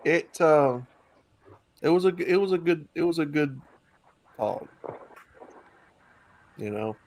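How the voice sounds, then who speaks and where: A man's voice: fairly high pitch, animated, takes it slowly, darkish tone. A man hosting an online talk stream, chatting casually in a loose, rambling way with many fillers. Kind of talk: casual chat.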